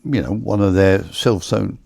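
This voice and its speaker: A man's voice: low voice, moderate pace, gravelly, warm tone. Older man telling rambling stories. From England. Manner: rambling, anecdotal, acts out voices in stories. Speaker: guest, former racing driver. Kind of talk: casual storytelling chat.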